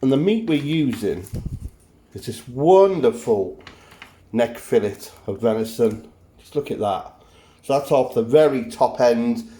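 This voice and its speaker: A man's voice: mid-range voice, lively intonation, unhurried, warm tone. A man hosting a cooking show, talking the viewer through a recipe in a jokey, self-mocking way. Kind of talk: cooking demonstration.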